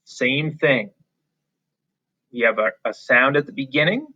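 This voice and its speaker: Guy teaching kids phonics, super slow and encouraging, bright voice, kinda dull lo-fi recording. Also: medium pitch. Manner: patient, encouraging, slow and clear with drawn-out sounds. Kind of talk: phonics lesson for young children. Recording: slightly dull, lo-fi.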